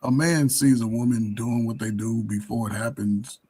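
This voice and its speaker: A man's voice: mid-range voice, steady tone, normal speed, dark tone, husky. A man co-hosting a casual reaction chat, blunt and unsympathetic in his takes. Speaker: co-host.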